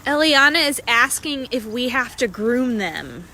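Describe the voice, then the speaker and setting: A woman's voice: fairly high pitch, very animated, measured pace, pushed and bright, a little hiss or hum. A woman moderating a live stream, reading out viewer questions in an upbeat way.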